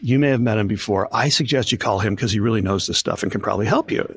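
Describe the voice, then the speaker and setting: A man's voice: lowish voice, fast talker, slightly rough, no echo. An older man, a concert promoter, telling stories in an interview and acting out the voices of people he quotes. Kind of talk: storytelling in an interview.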